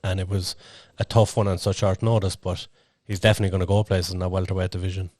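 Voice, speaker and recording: A man's voice: low-pitched, little pitch movement, quick pace, a little mellow, no room sound, clean studio sound. A man co-hosting a podcast, chatting casually in a rambling way with lots of fillers. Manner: rambling, filler-heavy storytelling. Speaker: podcast co-host and interviewer.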